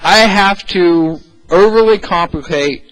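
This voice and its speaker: A man's voice: high-pitched, slow pace, a bit bright, no echo, poor audio. A man co-hosting a podcast, introducing his own segment in a wry, self-deprecating, rambling way. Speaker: podcast co-host presenting a segment. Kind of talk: casual podcast talk.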